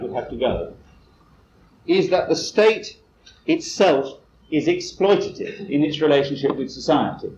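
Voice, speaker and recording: A man's voice: a little high, a little mellow. A man giving a lecture at a conference, talking in a wry, digressive way with self-deprecating asides. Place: lecture hall. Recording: roomy, muffled cassette recording with faint hiss.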